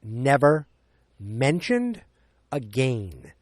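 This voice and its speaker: With wildly swooping pitch in a mid-range voice, a podcast host rambles through a casual movie recap. He loses his place and acts out lines in quick voices, and the studio-quality recording has no room sound.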